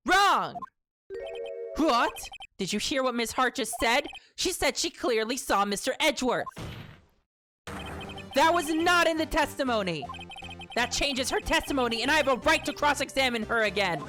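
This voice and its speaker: A woman's voice: high voice, expressive, moderate pace, over music. A woman voicing an earnest, fired-up young male defense lawyer with an urgent, emphatic delivery.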